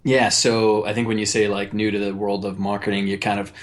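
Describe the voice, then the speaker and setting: Low-voiced relaxed coach telling stories. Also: male voice, brisk. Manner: relaxed storyteller, laughs easily. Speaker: guest, performance coach. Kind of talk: remote interview. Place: child's bedroom at home. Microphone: desktop USB mic on a shelf.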